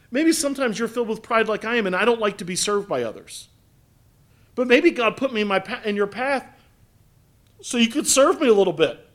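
A male pastor with a high voice preaches a sermon in a church. He is earnest, pressing points hard and loud, then pulling back into soft, close asides to the congregation.

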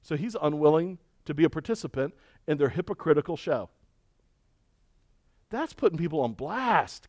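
A man's voice: fairly high pitch, big pitch swings, normal speed, long pauses, darkish tone, no room sound, studio quality. Emphatic folksy pastor man preaching. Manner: emphatic and folksy, with rhetorical questions and repetition. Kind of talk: sermon.

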